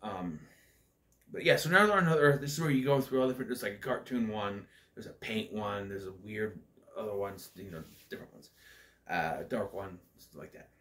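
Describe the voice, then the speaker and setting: A man's voice: on the low side, brisk, a bit bright. A man giving a casual, opinionated movie review, blunt and ranting, with swearing, loose fillers and restarts.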